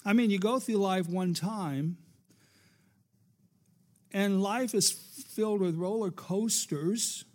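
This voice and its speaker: A man's voice: high-pitched, slow pace, long pauses, a little mellow. A man preaching a sermon as pastor, rising and falling for emphasis and calling for amens.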